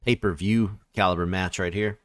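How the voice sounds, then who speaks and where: A man's voice: low-pitched, fairly even intonation, normal speed, fairly bright tone, no room sound, studio quality. A man in casual podcast chat, reading ratings and reacting with wry asides. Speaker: podcast co-host.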